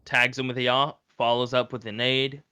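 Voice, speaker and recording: A man commentating an esports match, animated and climbing to shouted calls in clutch moments. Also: medium pitch, moderate pace, clear, resonant tone, muffled recording. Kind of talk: esports color and play-by-play commentary. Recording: game gunfire noise behind. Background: game gunfire and clicks.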